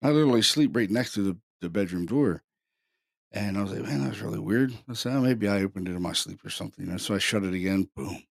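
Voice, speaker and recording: Guy telling a creepy story on his podcast, lowish voice, dry close mic, keeps restarting his sentences. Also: creaky, no echo. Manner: halting, repeats words, conversational. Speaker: podcast host, paranormal investigator. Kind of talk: casual storytelling.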